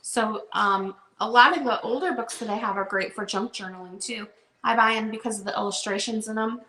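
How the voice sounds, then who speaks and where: Woman, bookseller host, casual live-sale patter, fairly high voice, roomy sound. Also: pushed and bright. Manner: casual, chatty, unhurried. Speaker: online bookseller. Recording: roomy echo.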